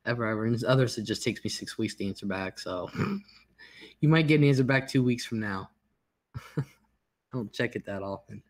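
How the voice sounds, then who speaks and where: A man hosting a livestream, talking calmly and reassuringly in casual chat. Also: mid-range voice. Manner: calm, reassuring, deliberate. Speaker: livestream host.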